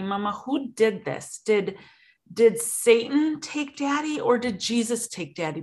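A woman in her thirties, a guest and widowed mother, telling her story earnestly in an interview. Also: fairly high pitch. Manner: earnest, animated when recounting.

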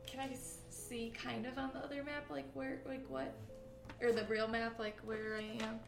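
A woman playing a tabletop game, lively and a bit hesitant, asking questions about her moves. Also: a little high, normal speed. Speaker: player. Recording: roomy echo with clear music behind.

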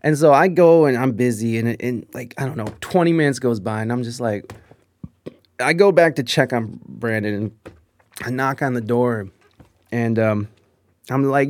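Fast-cursing man telling a rambling story. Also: on the high side, no echo, clean studio sound. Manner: profane, rambling, animated, with frequent restarts. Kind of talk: casual anecdote.

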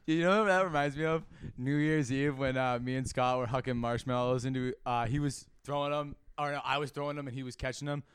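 A man's voice: mid-range voice, level tone, brisk, hardly any pauses, clear, resonant tone, dry recording, studio quality. A man co-hosting a podcast, chatting casually and telling rambling stories between laughs. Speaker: podcast co-host. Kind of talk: casual chat.

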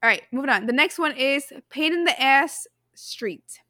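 A woman's voice: high voice, lively intonation, normal speed, bright, forceful tone, no room sound, studio quality. A woman co-hosting a casual podcast chat, rambling with fillers and restarts and laughing easily. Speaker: podcast co-host reading the quiz.

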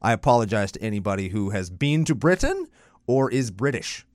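Animated, jokey podcast host. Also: male voice, on the low side, brisk, dry recording, studio quality. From Canada. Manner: jokey, animated, swears freely. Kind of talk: casual podcast banter. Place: podcast recording booth.

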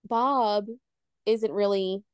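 A woman's voice: medium pitch, fairly even intonation, smooth, no room sound. A woman co-hosting a podcast, casually retelling a ghost story with rambling asides. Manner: rambling, loses her train of thought, quick asides. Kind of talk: casual chat, telling a scary story.

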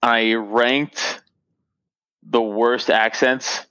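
A man's voice: mid-range voice, little pitch movement, very slow, pushed and bright, clean tone, dry recording. A young adult man, a stand-up comedian guest, chatting in a profane, joking way and laughing often. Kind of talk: casual podcast chat.

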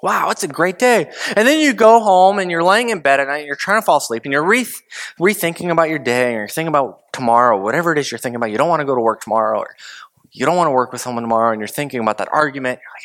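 Guy preaching a chatty sermon, lots of rhetorical questions, gets loud then drops real quiet. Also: a little high, very fast. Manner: animated, rhetorical questions, swings between loud and hushed. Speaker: pastor. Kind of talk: conversational sermon.

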